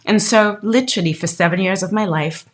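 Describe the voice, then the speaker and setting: A woman podcast host telling a personal story in a candid, emotional, animated way. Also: mid-range voice, fairly quick.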